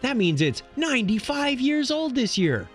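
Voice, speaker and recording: A man co-hosting a podcast, reading this-day-in-history items in a joking, animated way. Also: very high-pitched, slightly rough, faint music behind. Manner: animated, joking, quick to laugh. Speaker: podcast co-host.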